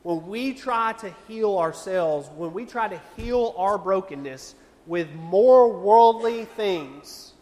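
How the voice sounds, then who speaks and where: A man's voice: sits high, lively intonation, takes it slowly, a little mellow. A young man preaching to a youth group in a church, earnest and conversational, firing off rhetorical questions. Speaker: youth pastor. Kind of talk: sermon. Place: church hall. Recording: long church-hall reverb.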